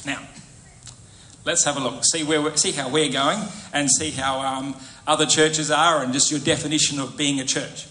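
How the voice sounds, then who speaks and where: A man preaching a sermon in an animated way, often putting questions to his congregation. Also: fairly high pitch, normal speed, echoey room, a little hiss or hum. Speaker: pastor.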